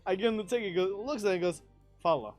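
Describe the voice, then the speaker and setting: Talking very fast in a high register, a young podcast guest laughs his way through a casual travel anecdote, cursing freely. Soft music sits in the background, and his delivery is lively and profane.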